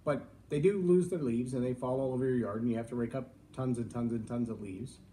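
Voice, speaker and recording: A middle-aged man from Texas hosts a casual live-stream vlog, talking in a folksy, reflective way with jokey asides. His voice sits at a medium pitch and has a mellow, warm tone. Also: brisk. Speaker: vlog host.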